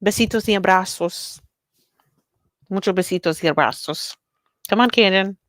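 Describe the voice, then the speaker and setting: A woman's voice: mid-range voice, normal speed, pauses often, dry recording. Bubbly woman streamer, dry close sound. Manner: bubbly, excitable, reads chat aloud. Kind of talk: casual live-stream chat with viewers.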